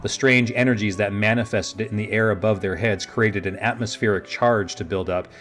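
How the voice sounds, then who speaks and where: A man with a lowish voice reads a fantasy audiobook in a steady, measured way. Faint music runs underneath his narration.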